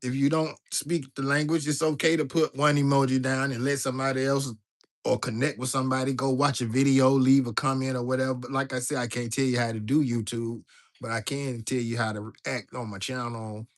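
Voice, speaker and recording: Man, livestream host, loose casual chat, mid pitch. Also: level tone, brisk. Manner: loose, chatty, talks to viewers directly, reads chat aloud.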